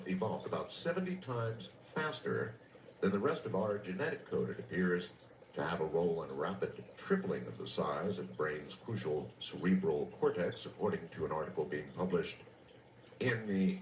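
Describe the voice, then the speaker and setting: Deep-voiced man hosting radio. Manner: dry storytelling with lively pitch swings. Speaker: radio host. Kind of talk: late-night radio talk and humorous reading. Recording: roomy distant radio recording with faint hiss.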